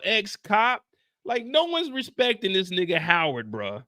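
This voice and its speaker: A man hosting a live after-show stream, ranting loudly and profanely straight to his chat. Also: high voice, wildly swooping pitch, unhurried, dry recording, clean studio sound.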